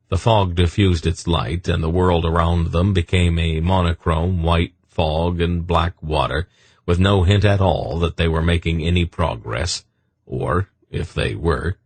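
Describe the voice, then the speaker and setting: A man narrating a fantasy audiobook in a measured storytelling manner. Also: low voice, breathy edge, no room sound. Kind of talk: scripted narration.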